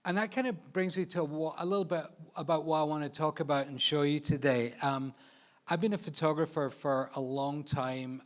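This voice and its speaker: Man, New York accent, expo stage presenter, storytelling, acts out voices, slightly higher voice. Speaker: photographer presenting a live shoot. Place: expo stage before an audience.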